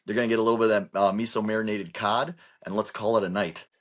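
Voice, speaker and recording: Rambling casual man, low voice. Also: steady tone, fast. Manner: rambling, restarts often, heavy use of "like". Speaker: podcast co-host. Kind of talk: casual podcast chat.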